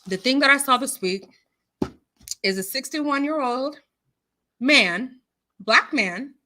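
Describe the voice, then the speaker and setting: A woman hosting a casual livestream chat, animated and outspoken, quoting scripture and swinging between loud outrage and hushed apologies. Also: high-pitched, slow. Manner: religious, quotes scripture. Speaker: livestream host.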